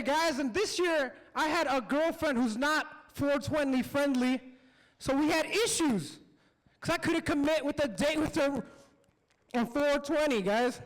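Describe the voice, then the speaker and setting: Very high-voiced laid-back male comic. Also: a bit bright, big-room sound, low-quality recording. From San Francisco, US. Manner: laid-back, addresses crowd as "guys". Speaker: stand-up comedian. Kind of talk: stand-up set. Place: outdoor city plaza stage.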